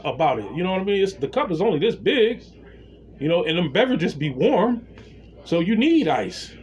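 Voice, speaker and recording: A man telling a story in a casual rant, blunt and slangy, with lively retellings. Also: high-pitched.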